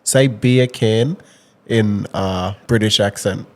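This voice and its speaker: A man's voice: fairly low pitch, slow pace. An Australian man co-hosting a casual podcast, laid-back and swearing casually. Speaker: podcast co-host. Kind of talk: casual chat.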